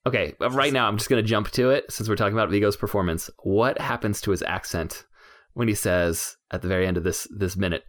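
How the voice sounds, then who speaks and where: A man analyzing a film in casual conversation, thoughtful and measured. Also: lowish voice. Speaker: podcast co-host.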